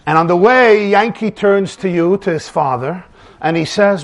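A man with a high voice gives a dramatic, animated Torah lecture at a moderate pace, acting out dialogues with rising emphasis.

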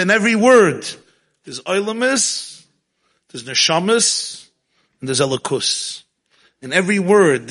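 A man teaching a Torah class, telling stories in a lively way and mixing in Hebrew and Yiddish terms. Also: high voice.

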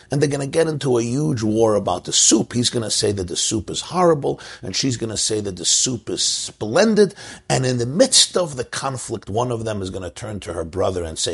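A man's voice: medium pitch, sing-song, brisk, gravelly, fairly bright tone, breathy edge. A man giving a religious talk, telling a joke as a story and drawing a lesson from it. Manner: storytelling, rising to emphasis. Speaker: Jewish religious teacher. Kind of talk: sermon with a told joke.

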